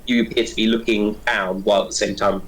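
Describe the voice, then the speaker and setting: A man narrating as game master, talking quickly and chattily with many fillers. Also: lowish voice, little pitch movement, a bit bright, rough recording.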